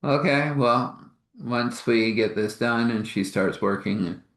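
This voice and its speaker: A man's voice: mid-range voice, slow, echoey room. A man telling a meandering improvised story, with laughs and restarts.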